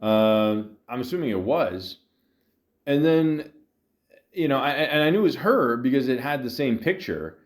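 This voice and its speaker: A tired man hosting a podcast, telling a long rambling story with lots of fillers, restarts and deadpan asides. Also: medium pitch, unhurried. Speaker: podcast host. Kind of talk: rambling comedic monologue.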